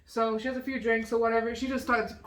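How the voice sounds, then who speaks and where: Podcast co-host, woman, high bright voice, chatty, sitting back from the mic in an echoey room. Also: little pitch movement, fast, distant mic. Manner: chatty, laughs often, acts out quotes. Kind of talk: casual chat.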